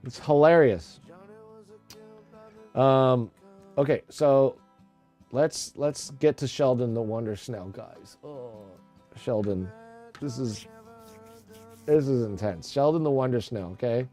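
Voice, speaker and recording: A man's voice: medium pitch, slow, pauses often, warm tone, faint music behind. A middle-aged man chatting casually on a livestream, rambling and joking crudely. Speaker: livestream host.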